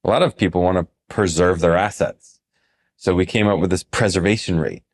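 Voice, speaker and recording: Low-pitched male advisor, animated storyteller, casual podcast talk. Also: brisk. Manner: animated storyteller, acts out quoted clients. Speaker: financial advisor.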